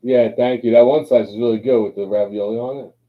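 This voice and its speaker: A man's voice: mid-range voice, steady tone, fast. A man hosting a live open chat, talking in a laid-back, slangy, rambling way with playful chanting. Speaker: livestream host. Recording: phone-like lo-fi stream audio.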